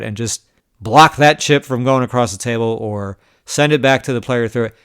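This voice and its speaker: A man's voice: medium pitch, moderate pace, a bit bright, clean tone, no room sound, clean studio sound. A man telling poker stories in a casual, exasperated, venting manner, swearing now and then. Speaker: poker vlogger. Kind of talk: casual storytelling recap.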